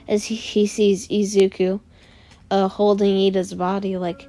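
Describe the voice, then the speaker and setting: A woman narrates a fan story in a loose, rambling way, full of "uh" and "like". Her voice is mellow and relaxed. Faint background music plays under her. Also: medium pitch, measured pace. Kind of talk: casual retelling of a fan story.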